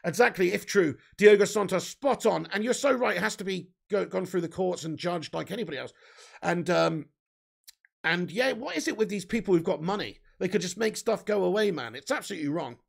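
Gravelly, high-voiced English man chatting live. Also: lively intonation, a little fast. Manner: chatty, reads viewer comments aloud, swears casually. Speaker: livestream host reading chat. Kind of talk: casual live chat.

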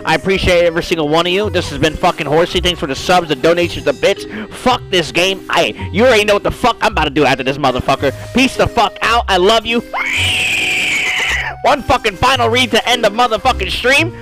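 A man's voice: sits high, fast, pushed and bright, shouting, soft background music, poor audio. A man streaming a game live, ranting and swearing heavily in frustration at his teammates and the game. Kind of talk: live gameplay streaming chat.

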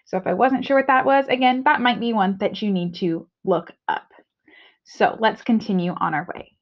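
A woman teacher talks through a reading lesson from home in a friendly, explanatory way. Her voice sits at a middle pitch and she checks in often with "okay." The recording is dull and lo-fi. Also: moderate pace.

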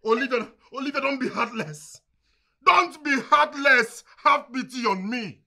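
An actor playing a frustrated husband who pleads and shouts. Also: male voice, very high-pitched, measured pace, gravelly, exaggerated voice. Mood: pleading. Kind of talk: film drama acting.

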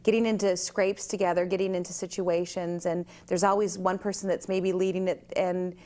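A woman chatting casually in an interview, a lively storyteller who acts out other people's lines as she tells them. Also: lowish voice, normal speed. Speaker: actress and guest. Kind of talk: casual chat.

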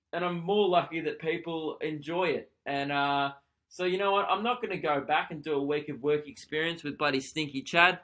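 A young man with an Australian accent rambles through a casual solo podcast and pokes fun at himself. His voice is bright and forward and sits a bit high for a man. He talks into a desk mic at home. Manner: rambling, self-mocking, quick asides and laughs. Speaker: comedian and podcast host. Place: lounge room at home. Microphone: desk podcast microphone.

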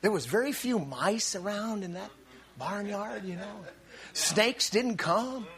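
A man preaching a sermon in an animated, exclaiming style, often restarting his sentences and breaking into shouts. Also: high-pitched, slow pace, crowd noise.

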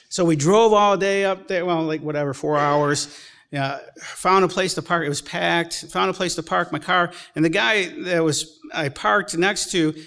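A man's voice: sits high, a bit bright, clean tone. A man preaching a sermon as pastor, telling folksy stories with chuckles and acting out the people in them. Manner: folksy storytelling with chuckles and acted-out quotes. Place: church sanctuary.

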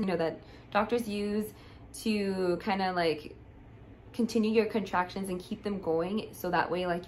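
A woman's voice: on the low side, a little hiss or hum, low-quality recording. A young woman vlogger telling a personal story in a casual, rambling way, with many fillers and restarts, and getting emotional.

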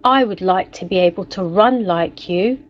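A woman's voice: fairly low pitch, normal speed, dull audio, close to an everyday voice. A woman voicing a small, timid female mouse who feels she is good at nothing, with a wistful, pleading manner.

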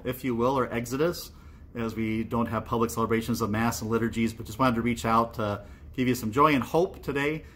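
A man's voice: mid-range voice, fairly bright tone. Man giving a friendly pastoral message. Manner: friendly and encouraging, with tag questions to listeners. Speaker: parish priest. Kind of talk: casual pastoral video message.

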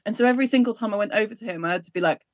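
A woman co-hosting a podcast in casual chat, talking quickly and often laughing. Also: medium pitch, no room sound. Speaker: podcast co-host.

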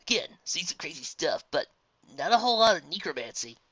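Lady doing a chill teasing pony gal, lively voice, dry flat sound. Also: low voice, brisk, no echo, dull audio, exaggerated voice. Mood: curious. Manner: breezy, teasing, relaxed. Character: laid-back easygoing female pony DJ.

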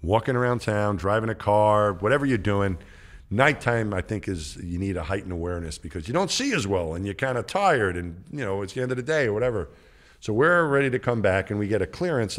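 A man's voice: lowish voice, animated, a little fast. A man around sixty, a podcast guest, telling a casual story in a rambling, conversational way and acting out what others said. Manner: acts out others' lines in quoted voices. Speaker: podcast guest, former astronaut.

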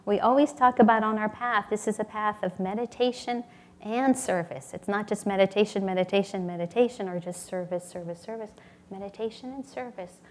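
A woman's voice: mid-range voice, brisk. A woman giving a sermon at a spiritual community temple, earnest and storytelling, acting out little voices in her anecdotes.

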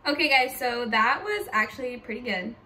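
High-voiced young woman vlogging. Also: expressive, normal speed, pushed and bright. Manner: chatty, upbeat, filler-heavy. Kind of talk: casual vlog chat to camera. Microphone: phone. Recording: distant phone mic with faint noise.

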